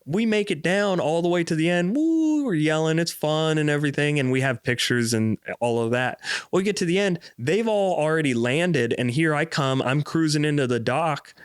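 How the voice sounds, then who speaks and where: A man's voice: on the high side, normal speed, clear, resonant tone, dry recording, studio quality. A young man hosting a podcast, telling a rambling, profane story in casual comedic style, full of fillers. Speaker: podcast host.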